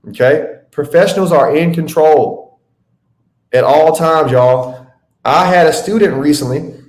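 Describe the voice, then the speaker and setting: A man's voice: a little high, darkish tone. A man teaching a live webinar in a conversational way, often checking in with "okay?" and "y'all.". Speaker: webinar instructor. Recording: echoey room.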